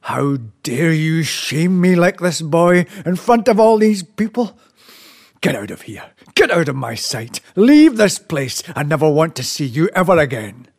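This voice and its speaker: A man voicing a proud island chief who commands his son and shouts in anger. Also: on the high side, very animated, a little slow. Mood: furious. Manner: commanding, bursts into loud anger. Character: proud, quick-tempered island chief, father.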